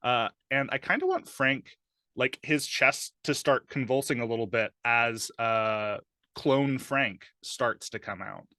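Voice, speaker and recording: A man's voice: mid-range voice, expressive, a little slow, sharp tone, dry recording, clean studio sound. A man playing a tabletop game, describing his character's actions thoughtfully, with many fillers. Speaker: player.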